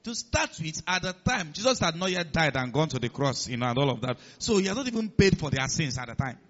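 Male preacher, high tenor, emphatic sermon delivery, dull lo-fi recording. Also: sing-song, brisk, fairly bright tone. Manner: emphatic, calls on the congregation to respond.

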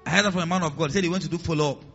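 Male pastor, bright animated preaching voice, slightly muffled recording. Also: a little high, racing, gravelly, faint music behind. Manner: animated preaching, acts out voices in the stories, drops to a hiss for commands. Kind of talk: sermon. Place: church hall with a congregation.

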